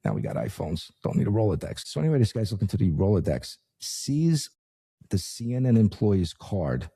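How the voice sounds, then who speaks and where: A man's voice: huge pitch swings, normal speed, mellow. A man in his fifties, a former law enforcement officer, telling a story in a wry, anecdotal way. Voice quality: gravelly low voice. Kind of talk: storytelling interview.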